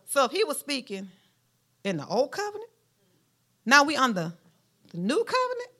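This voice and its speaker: Animated Southern woman preaching a sermon. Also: moderate pace. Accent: Southern US (Alabama). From Mount Vernon, Alabama, US. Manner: animated preaching with a lively pitch, rising to emphatic peaks; folksy, speaks directly to the congregation.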